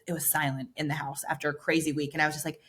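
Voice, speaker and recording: A woman's voice: low-pitched, level tone, very fast, a bit bright. A woman from the US East Coast, a podcast guest, telling a story in a chatty way and quoting herself. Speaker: interview guest. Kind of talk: casual storytelling.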